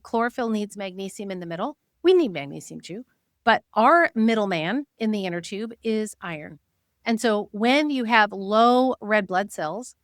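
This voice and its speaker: A woman's voice: medium pitch, a bit bright, dry recording, clean studio sound. A woman host teaching fellow practitioners in a conversational, explanatory way, often quoting what patients say. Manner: chatty, explanatory, quotes patients in a lifted voice.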